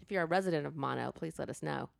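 A woman's voice: sits low, rapid-fire, vocal fry, no echo. Brief: woman podcast host, casual, laughing storyteller, dry close mic. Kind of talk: casual chat.

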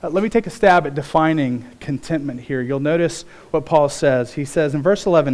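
A man preaching a sermon as pastor, telling stories in an animated way with big swings in pitch. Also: a little fast, few pauses.

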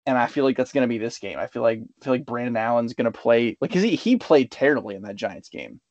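A man of middle pitch co-hosts a sports betting podcast. He rambles through his picks and laughs often. His voice is recorded dry and close. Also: lively intonation, fast, darkish tone, dry recording, muffled recording. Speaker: podcast co-host. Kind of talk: casual sports betting chat.

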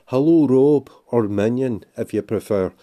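A Scottish man leaving a recorded voice message for a podcast, measured and dry. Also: medium pitch, mellow. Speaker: caller, fellow podcaster.

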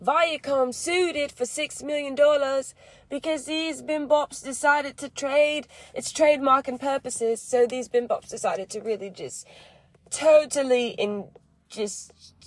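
A woman's voice: on the high side, dry recording. A woman chatting casually with her followers, slangy and rambling, full of asides. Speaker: vlogger and small business owner.

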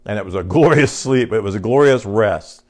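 On the low side and animated at a moderate pace, a pastor's voice carries a folksy, chatty sermon. Though short on sleep, he reads scripture aloud and keeps turning to the congregation with questions.

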